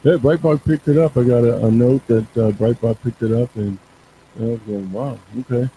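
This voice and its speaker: A man's voice: medium pitch, steady tone, normal speed, mellow, slight background noise, rough recording. A man from Bakersfield, California, talking as a guest on a talk show, emphatic and repeating words as he gets worked up. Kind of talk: casual talk-show conversation.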